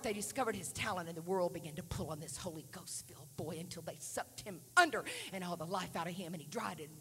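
A woman preacher giving a Pentecostal sermon in a church, dropping to hushed whispers while telling a story and rising to loud shouts as she preaches. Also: on the low side, quick pace, hardly any pauses, slightly rough. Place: church sanctuary. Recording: live sermon in a reverberant hall, faint hum.

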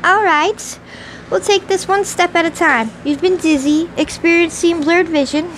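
A woman reader voicing a brisk, commanding, dry-humored woman doctor in an audiobook. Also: extremely high pitch, a bit bright, a little hiss or hum, voice pushed up, poor audio. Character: brisk no-nonsense woman doctor, middle-aged.

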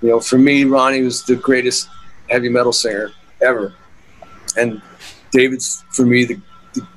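A man's voice: medium pitch, flat delivery, moderate pace, low-quality recording. A middle-aged man, a guitarist, telling stories in an interview in a rambling way with many fillers and restarts. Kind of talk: casual interview storytelling.

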